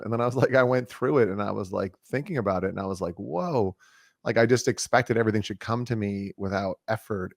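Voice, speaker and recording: A man hosting an interview, telling a rambling personal story with lots of fillers and animated asides. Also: lowish voice, vocal fry, no room sound, studio quality. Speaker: host. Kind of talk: casual interview chat.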